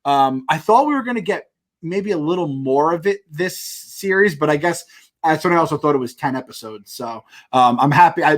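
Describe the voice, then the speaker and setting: A man co-hosting a casual podcast, rambling and excitable, swearing often. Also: fairly high pitch. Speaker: podcast co-host. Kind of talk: casual chat.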